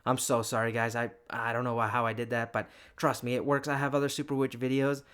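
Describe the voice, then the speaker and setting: A man giving chatty, excitable commentary over his own strategy game replay, poking fun at his own mistakes. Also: mid-range voice, fast, clear, resonant tone. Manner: excitable, chatty, self-mocking. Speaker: gaming YouTuber.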